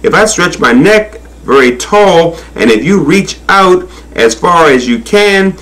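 A man voicing a shy, timid young male giraffe in a storybook reading, with a nervous, halting manner. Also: lively intonation, fairly bright tone. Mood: eager. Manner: nervous, halting, high-pitched.

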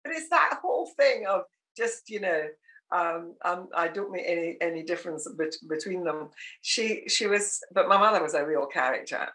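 Bright-voiced older woman telling stories. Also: fairly low pitch, expressive, moderate pace, low-quality recording. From Scotland. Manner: warm storytelling, laughs often. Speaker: guest. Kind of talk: casual interview chat.

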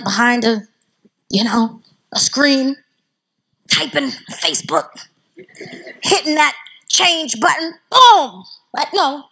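A woman with a Southern American accent giving a storytelling talk to a live audience, animated and conversational, drawing the listeners in. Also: a little high, slightly rough, rough recording. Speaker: Islamic lecturer. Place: community center talk.

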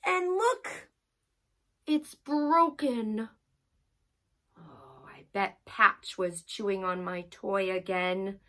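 A woman's voice: mid-range voice, drawn-out words, pauses often, pushed and bright. A woman leading a children's drama play session, acting out a story with big gasps and sighs.

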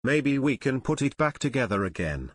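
A man voicing an impulsive, eager teenage boy detective, quick to protest. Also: mid-range voice, sing-song.

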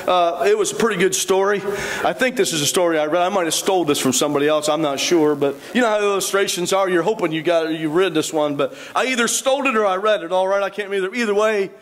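A man's voice: sits high, quick pace. A man preaching a sermon in a church, fervent and folksy, punctuating his lines with amens. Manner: folksy, plainspoken storytelling. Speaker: pastor.

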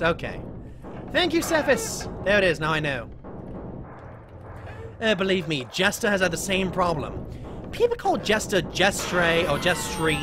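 A woman streaming a horror game live, chatting with viewers between playful in-character asides and breaking into excited yelps during chases. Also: low voice, measured pace, noisy background. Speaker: gaming streamer. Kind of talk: live game commentary with chat.

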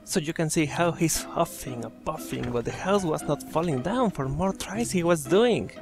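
Lively, chatty male storyteller. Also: a little high. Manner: chatty, joking asides to listeners. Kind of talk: children's story reading.

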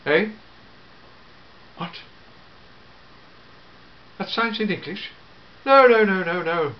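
A man voicing an elderly, fussy, grandfatherly time-travelling gentleman in a fan audio drama, full of hmms and eh?s. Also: high-pitched, expressive, slow pace, dull audio. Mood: fussy, chatty. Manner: fussy, hesitant, peppered with hmms and eh?s.

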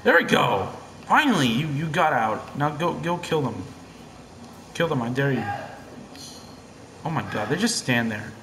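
A young man talking over his video game, cursing freely and swinging from hushed muttering to loud yelling at the screen. His voice sits at an ordinary middle pitch, and it bounces around an echoey room. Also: sing-song, unhurried, pauses often, background noise. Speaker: gamer. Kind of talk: casual gameplay commentary.

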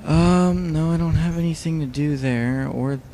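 A man's voice: fairly high pitch, measured pace, dark tone, a little hiss or hum. A tired man giving casual, rambling commentary over a video game, joking and swearing often. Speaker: let's play host.

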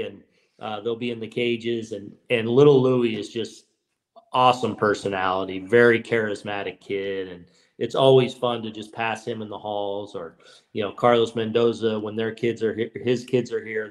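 A middle-aged man, a baseball manager guest, telling childhood stories in a casual interview, with a rambling, restart-filled way of talking. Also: on the low side. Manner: rambling, frequent restarts and "you know" fillers.

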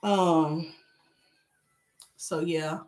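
A woman's voice: deep voice, extremely slow. A woman hair stylist chatting casually on a live stream while she works, reading viewer comments and joking with them. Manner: chatty, animated, reads comments aloud.

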